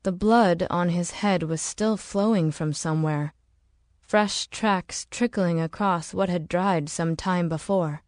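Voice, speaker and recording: Woman reading a novel aloud, real slow and lowish, dry close mic. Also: a little mellow, dry recording. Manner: slow, measured, dramatic. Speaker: audiobook narrator. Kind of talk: scripted narration.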